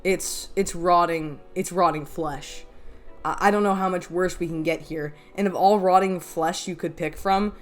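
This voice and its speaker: Woman commentary host, deep-voiced, blunt and exasperated, soft music underneath. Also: steady tone, moderate pace. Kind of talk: reaction commentary.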